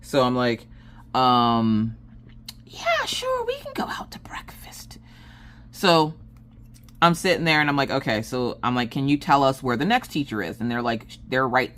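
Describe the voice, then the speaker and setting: This woman's voice is extremely low in pitch yet fairly bright in tone. As a crafting vlogger and streamer, she chats casually while making things, meandering through a story and performing the quoted dialogue herself.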